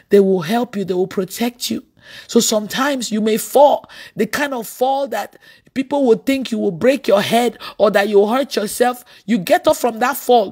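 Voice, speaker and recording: A woman preacher delivering an animated sermon, telling stories with bursts of laughter and sudden shouts. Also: mid-range voice, slightly rough.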